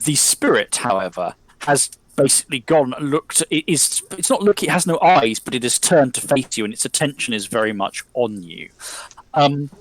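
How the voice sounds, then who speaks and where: A man's voice: mid-range voice, animated, moderate pace, low-quality recording. A man narrating a tabletop role-playing game as game master, rambling with many ums and likes.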